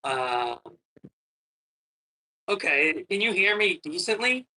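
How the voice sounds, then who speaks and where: Bright-voiced man, rambling caller. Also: sits high, very animated, slow pace, low-quality recording. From Boston, Massachusetts. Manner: rambling, hesitant, profane ranting. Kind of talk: casual call-in chat. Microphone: computer microphone.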